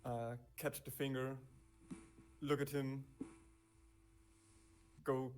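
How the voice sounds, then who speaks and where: Flat, slow-talking man at the game table. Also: mid-range voice, slight background noise. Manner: halting, hesitant, laughing between lines. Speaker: player. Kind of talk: casual tabletop game play.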